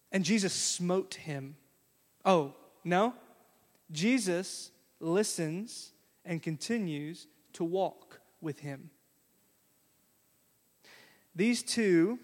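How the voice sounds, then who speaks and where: A man preaching a sermon as pastor, folksy and conversational, acting out quotes in a lively way. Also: sits high. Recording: long hall reverb.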